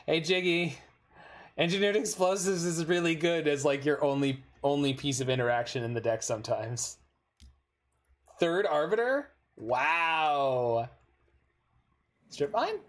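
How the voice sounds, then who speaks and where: A man's voice: on the high side, unhurried, pauses often. Swearing, easily frustrated male gamer. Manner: talks to himself while playing. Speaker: gaming streamer. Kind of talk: casual gameplay commentary.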